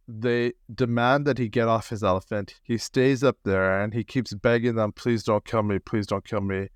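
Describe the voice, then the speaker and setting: Man telling history in a smooth voice. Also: medium pitch, no room sound, studio quality. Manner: vivid, detailed storytelling with occasional fillers. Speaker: guest historian. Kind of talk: podcast history storytelling.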